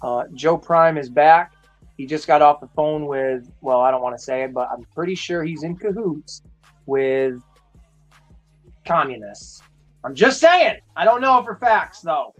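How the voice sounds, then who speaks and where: A young man hosts a casual live stream, his voice sitting high. He rambles freely, swears often and laughs easily. Faint music plays behind him. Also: animated, muffled recording. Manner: profane, rambling, quick to laugh. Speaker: host.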